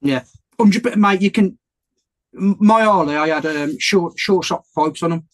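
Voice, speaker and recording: A man from the United Kingdom rambles through his stories in casual chat, speaking in a slightly higher register. He talks in fits and starts, with plenty of restarts and easy swearing, heard over a video call. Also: normal speed. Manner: rambling, full of fillers and restarts, swears freely. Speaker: podcast guest, ex-soldier motovlogger.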